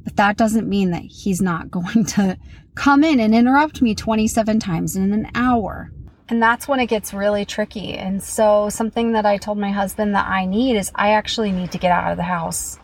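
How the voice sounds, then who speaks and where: A woman's voice: medium pitch, moderate pace, dry recording. A woman in her thirties hosting a solo podcast, talking candidly and chattily about her week and poking fun at herself. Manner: candid, chatty, self-mocking. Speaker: podcast host. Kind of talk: casual solo podcast talk.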